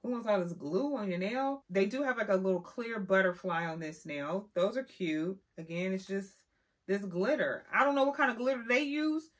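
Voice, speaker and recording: A woman's voice: medium pitch, moderate pace. Sassy woman reviewing press-on nails. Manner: sassy, animated, says "honey" and "child" a lot. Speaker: beauty vlogger. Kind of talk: casual product review.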